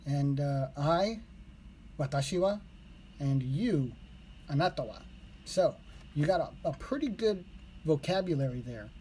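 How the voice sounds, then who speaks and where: A language learner vlogger casually talks a viewer through what he learned, rambling with fillers and correcting himself. His fairly high, darkish voice has lively intonation and a slightly slow pace with long pauses, plus a little hiss or hum.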